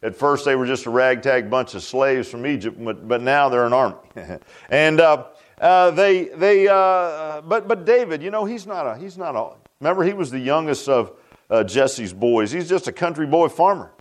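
A man's voice: on the high side, expressive, moderate pace. A male pastor preaching a sermon in a folksy, conversational way, asking rhetorical questions and laughing at his own jokes.

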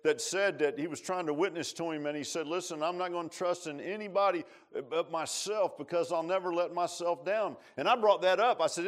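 A man preaching a sermon, telling stories in a folksy, joking way. His voice sits high for a man. He leans on dry sarcasm between scripture points. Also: moderate pace, hardly any pauses. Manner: folksy, sarcastic, lively storytelling.

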